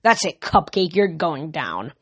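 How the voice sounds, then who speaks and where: A man doing a gruff barking satyr coach. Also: a little high, sing-song, a little slow, fairly bright tone, no echo, dull audio, heavily acted. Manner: barking orders. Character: gruff middle-aged male satyr coach.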